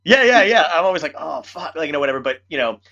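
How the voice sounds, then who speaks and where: A man hosting a podcast, telling stories in casual chat, animated and swearing freely. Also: fairly high pitch, rapid-fire, dull audio. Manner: animated storyteller, swears a lot. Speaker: podcast host.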